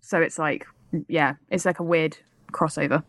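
A woman's voice: deep voice, fairly even intonation, moderate pace, a bit bright, no room sound. A young woman with a Manchester accent chatting casually, laughing often and searching for words. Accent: Manchester English. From England. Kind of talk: casual chat.

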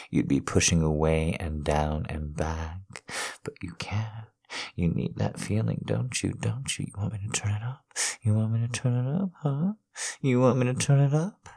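A man's voice: deep voice, a little mellow. A man speaking in an intimate erotic role-play audio, addressing his partner in a commanding, teasing way and repeating his phrases.

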